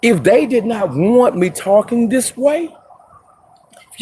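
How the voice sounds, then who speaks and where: A man making an impassioned spoken statement. He halts and restarts often, then rises into loud outbursts. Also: extremely high pitch, expressive, slightly rough. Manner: halting, with many restarts and fillers. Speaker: self-represented litigant.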